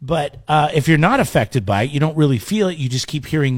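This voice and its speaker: A man co-hosting a casual morning radio show, joking and chiming in with quick reactions. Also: fairly high pitch, no echo, studio quality. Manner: animated, jokey, quick to chime in. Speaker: radio co-host.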